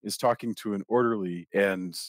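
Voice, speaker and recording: Low-voiced man rambling through a film chat. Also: normal speed, dry recording, clean studio sound. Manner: rambling, restarts and repeats words. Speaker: podcast host. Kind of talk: casual film discussion.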